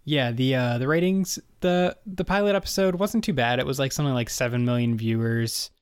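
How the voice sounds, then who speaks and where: A man's voice: mid-range voice, lively intonation, a little fast, clean tone, dry recording. A young man talks casually as a podcast co-host, walking through facts with easy filler words. His voice sits in a middle range. The sound is dry and close, with no room around it. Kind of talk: casual chat reviewing an old sitcom.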